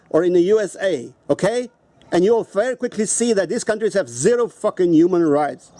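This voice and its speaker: A man's voice: high voice, mellow, no room sound. A man with a South African accent, ranting angrily and profanely into the camera, repeating himself and confronting the person he is addressing. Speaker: video host. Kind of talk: angry rant to camera.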